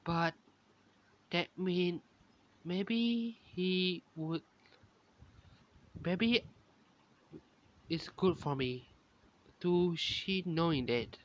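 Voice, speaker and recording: A woman voicing a clumsy, lovesick young man who sighs and scolds himself in a soft voice, barely changing her own voice. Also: fairly low pitch, drawn-out words, long pauses, a little hiss or hum. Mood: soft, wistful. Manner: sighing, self-scolding, soft-spoken. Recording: dull lo-fi recording.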